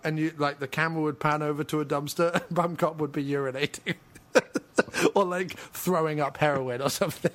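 A man's voice: on the high side, normal speed, fairly bright tone. A man co-hosting a comedy podcast, rambling through silly bits and laughing a lot. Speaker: podcast co-host. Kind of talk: casual comedy chat.

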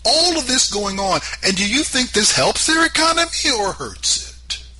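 Guy ranting on his commentary show, sarcastic, lots of rhetorical questions, sharp bright tone. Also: sits high, big pitch swings, normal speed, soft background music, poor audio. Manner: emphatic, fires off rhetorical questions; sarcastic, mocking asides. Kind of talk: opinionated political commentary monologue.

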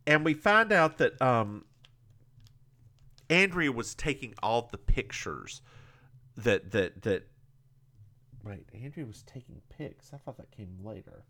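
A man's voice: medium pitch, expressive, takes it slowly, pauses often, pushed and bright. A man co-hosting a podcast, recapping an episode in casual chat, campy and giggly, acting out bits of dialogue. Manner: campy, giggly, acts out quotes. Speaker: podcast co-host.

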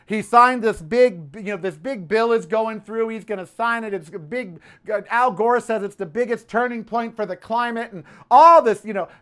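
A man's voice: high voice, fairly bright tone, clear, resonant tone. A man hosting his own podcast, ranting casually about politics and telling a story with sassy "honey" asides. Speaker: podcast host.

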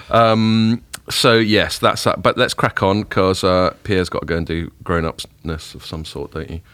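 Deep-voiced man hosting a podcast. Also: fairly even intonation, unhurried, fairly bright tone, no echo. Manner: chatty, self-deprecating, rambling with fillers. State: hungover, voice a bit deeper than usual. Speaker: podcast host. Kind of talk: casual chat.

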